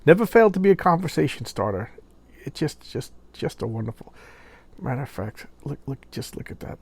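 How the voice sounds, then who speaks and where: A man gives a casual comic book review in a gravelly voice, stumbling and repeating words as he lingers over favorite pages. He sounds openly moved, and the recording is dry and close. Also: medium pitch, very animated, a little fast, darkish tone, no echo.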